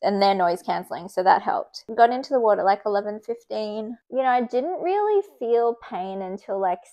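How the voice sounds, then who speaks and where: A woman's voice: medium pitch, expressive, moderate pace, dark tone. A woman chatting casually to camera in a vlog. Her talk is loose and filler-heavy, peppered with "like," and she laughs easily between stories. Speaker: vlogger.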